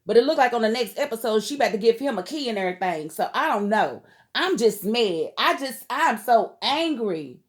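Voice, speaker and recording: A woman from Kentucky talks straight to camera in a casual vlog, recapping a TV show. Her voice sits a little high, and her delivery is heated, emphatic and full of outspoken slang. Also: animated, normal speed.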